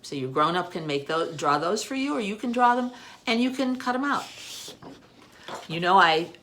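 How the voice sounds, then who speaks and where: A woman librarian reading a storybook to children and then explaining a craft, gently checking in with "okay?" as she goes. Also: mid-range voice, slight background noise.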